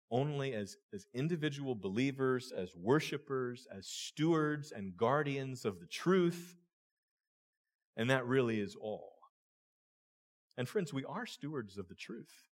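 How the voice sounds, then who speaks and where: A man's voice: mid-range voice, expressive, measured pace. A man preaching a sermon as a pastor, earnest, speaking to his listeners as friends and often repeating words.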